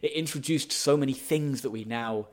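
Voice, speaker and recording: A man's voice: mid-range voice, moderate pace. A man, casually co-hosting a history podcast and telling the story with lots of ums and playful asides. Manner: chatty storyteller, many ums, acts out quoted figures. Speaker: podcast co-host.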